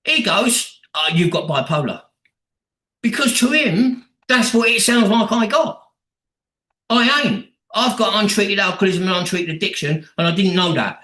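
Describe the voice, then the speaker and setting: A man's voice: high voice, moderate pace, pushed and bright, roomy sound, low-quality recording. A man speaking bluntly at a recovery meeting, swearing a lot and acting out the voices of the people he quotes. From England. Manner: blunt and heavily profane, acts out quoted voices.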